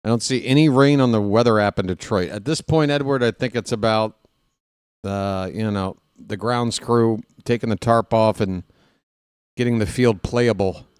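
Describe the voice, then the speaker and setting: A man's voice: on the low side, normal speed, darkish tone, clean tone, dry recording, clean studio sound. A man hosting a live stream, chatting casually and trash-talking his opponent in a playful way.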